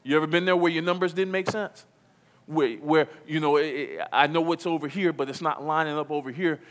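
A man's voice: on the high side, fairly even intonation, fairly quick, a bit bright. A pastor preaching a sermon to his congregation, with emphatic repetition and questions to the room. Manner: emphatic preaching, repeats key phrases, calls to the congregation. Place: church.

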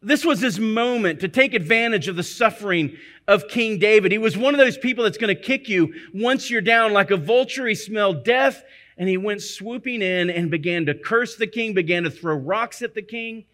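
A man's voice: high-pitched, moderate pace, fairly bright tone. A male pastor preaching a sermon, earnest and emphatic, repeating phrases to press his point.

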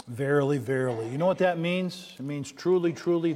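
Pastor guy preaching, high voice, big echoey church hall, throws questions back at the crowd. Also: brisk, darkish tone, slight background noise. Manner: preaching with rising emphasis and call-and-response questions. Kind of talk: sermon.

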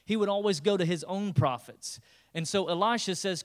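A man with a fairly high voice preaching as the pastor of his church. He tells the scripture story with loose, joking asides and jumps into quick character voices. The delivery is casual and animated. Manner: lively, humorous storytelling with playful character voices. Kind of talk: sermon.

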